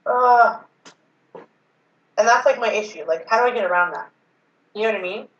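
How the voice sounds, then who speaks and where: A woman's voice: mid-range voice, normal speed, a bit bright. Nervous, rambling young woman, far off. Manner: nervous, rambling, laughing often. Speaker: woman talking with her ex. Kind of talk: casual chat. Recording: distant roomy muffled mic with faint hiss.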